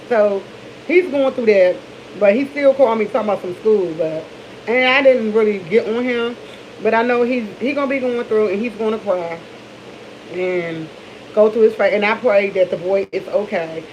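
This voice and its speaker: A woman's voice: fairly high pitch, moderate pace, darkish tone. Middle-aged dc woman rambling to the camera, kinda dull recording with faint hiss. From Washington, D.C. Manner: candid, rambling, with many restarts. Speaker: vlogger. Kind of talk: casual morning chat to camera.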